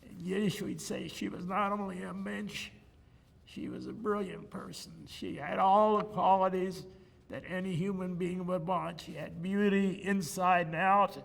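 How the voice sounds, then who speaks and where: Speaking unhurriedly in a high-pitched, gravelly voice, an older man swaps jokes and personal stories during an oral history interview. A lapel mic picks him up in a room with faint ambience and a long reverb.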